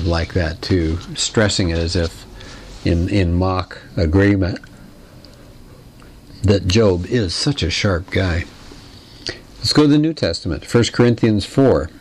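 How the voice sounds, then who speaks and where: Guy with a low voice giving a chatty lecture, clears his throat sometimes. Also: unhurried. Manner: conversational, explanatory, asks the listeners questions. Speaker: teacher. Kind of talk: lecture on literature.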